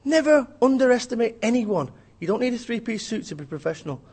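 A man's voice: very high voice, very animated, fast talker, a little mellow, slightly rough. A man, an author and business speaker, giving a blunt, emphatic, joking rant in an interview.

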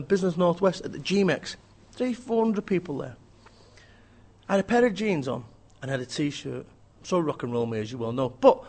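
Blunt, fast-ranting man. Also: sits high, darkish tone. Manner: blunt, ranting, mimics voices. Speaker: author and business speaker. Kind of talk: energetic interview talk.

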